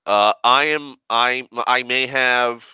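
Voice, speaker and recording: A man's voice: medium pitch, slow, bright, forceful tone, smooth, no echo. A sick young man who coughs now and then, rambling in a profane, grumbling, sarcastic rant. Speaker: online rambler.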